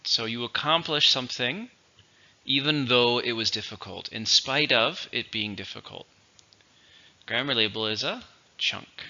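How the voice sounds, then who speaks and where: A man teaching English vocabulary, explaining words slowly and clearly in a teacherly way. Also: mid-range voice, bright, forceful tone, highs cut off. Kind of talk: vocabulary lesson.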